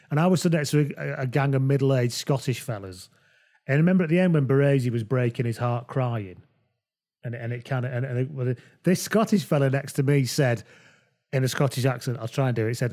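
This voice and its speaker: A man hosting a casual football podcast, relaxed, reeling off player names and laughing easily. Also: mid-range voice. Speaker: podcast host.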